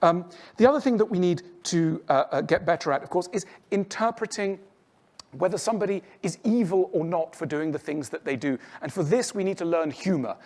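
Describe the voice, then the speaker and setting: A man's voice: sits high, fairly quick, a little mellow. A man giving a lecture to an audience, explaining earnestly and acting out other people's voices. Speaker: public speaker.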